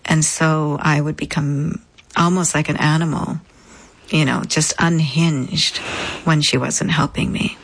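A woman with a low, grounded voice speaks as an interview guest. She recounts her experience slowly and deliberately, pausing between phrases. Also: steady tone, low-quality recording. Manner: measured, deliberate, pausing often. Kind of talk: reflective personal storytelling.

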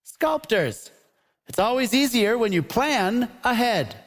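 A man hosting a live comedy panel show, upbeat and punny, quick to laugh at his own jokes. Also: high voice, expressive. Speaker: game show host. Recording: noisy live audience recording. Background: audience laughter.

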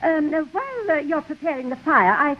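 A woman's voice: high-pitched, very animated, fairly quick. An actress playing a gushing, giggly, genteel lady visitor in a 1940s radio comedy. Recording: muffled old radio recording with hiss.

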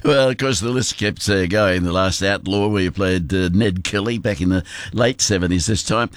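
An older Australian man hosting a weekend radio show, friendly and halting, with lots of fillers. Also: low-pitched, no echo. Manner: friendly, hesitant with many fillers. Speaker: radio host. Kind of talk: casual radio interview.

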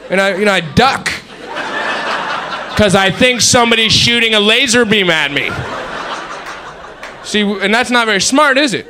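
A male stand-up comedian telling an animated story, making sound effects and laughing along. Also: high-pitched, a little fast, long pauses. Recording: live club recording with crowd noise.

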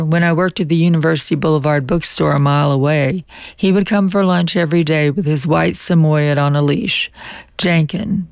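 Older woman radio host, gravelly edge, measured scripted read, dry studio sound. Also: deep voice, darkish tone, no echo. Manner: measured, reflective reading. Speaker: radio book show host. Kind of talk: scripted farewell radio monologue.

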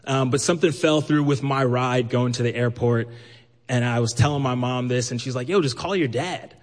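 A man from Brooklyn telling a personal story live, lively and acting out the voices he quotes. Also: medium pitch, normal speed. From New York, Brooklyn. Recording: long hall reverb.

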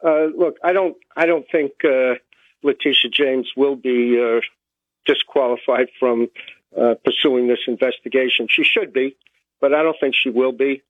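A man giving his view as a guest on talk radio, measured and halting with many fillers. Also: mid-range voice. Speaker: phone-in guest commentator. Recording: tinny phone line.

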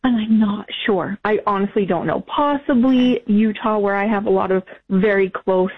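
A tearful woman calls in over a tinny phone line. She speaks haltingly, stopping and restarting her sentences as the emotion catches up with her. Her pitch sits in an ordinary middle range. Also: slightly rough. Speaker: caller.

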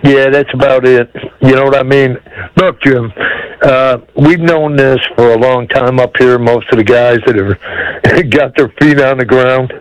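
A man's voice: mid-range voice, steady tone, measured pace, no room sound, rough recording. A man, calling into a talk radio show, blunt and rambling, chuckling as he talks. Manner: blunt, rambling, laughs between words. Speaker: caller.

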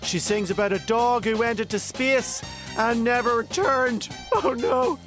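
Man as a weepy, high-voiced TV chat host, fighting back tears. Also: measured pace, over music. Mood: teary. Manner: weepy, breaking up mid-sentence. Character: tearful, emotional male TV chat show host.

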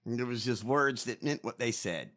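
A man's voice: medium pitch, lively intonation, moderate pace, a bit bright. A man in casual political podcast chat, mocking and ranting with lots of swearing. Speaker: podcast co-host.

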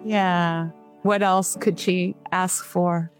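A woman hosting a call-in radio show as a psychic medium, giving gentle, reassuring readings to callers. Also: on the low side, very slow, soft background music. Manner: warm reassuring, relays messages in a gentle steady flow.

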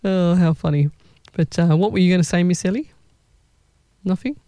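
A psychic medium talks through a live reading in a loose, chatty way, circling back and restarting phrases as impressions come. The voice is mellow and warm. It sounds close and dry, with no room around it. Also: medium pitch, normal speed, no echo. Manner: chatty, rambling, restarts sentences.

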